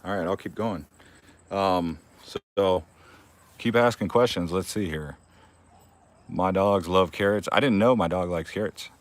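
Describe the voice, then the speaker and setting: A man's voice: deep voice, unhurried, pauses often, no echo. A young man hosting a casual live-stream Q&A from his backyard garden, rambling and laughing often. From Arizona.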